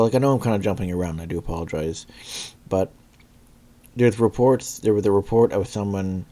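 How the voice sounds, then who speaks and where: Low dark-voiced guy rambling thru a movie review, lots of uhs and coughs. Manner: rambling, many fillers and restarts; clears throat and coughs often. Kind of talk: casual spoken review.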